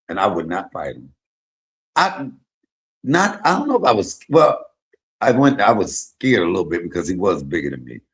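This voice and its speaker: Man, middle-aged, host, low voice, very lively intonation, profane animated storytelling. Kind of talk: casual storytelling chat.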